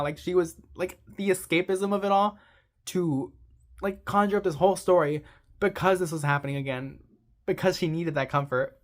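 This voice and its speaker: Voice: medium pitch, a little fast. A young adult giving a casual, rambling movie recap, gushing and sentimental, saying "like" constantly. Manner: rambling, heavy use of "like". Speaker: movie reviewer.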